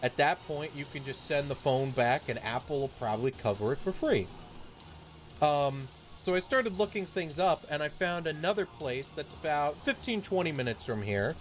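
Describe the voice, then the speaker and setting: A man's voice: fairly high pitch, animated, normal speed. Ranting male streamer, faint music. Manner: swears freely, grumbling rant. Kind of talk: casual storytelling while gaming.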